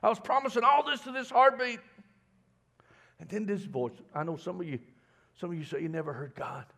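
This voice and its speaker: A middle-aged man preaching a sermon in a folksy, stammering way, dropping to a hush and then building loud. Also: high voice, brisk, vocal fry. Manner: folksy, repeats words, swings from hushed to loud. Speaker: pastor.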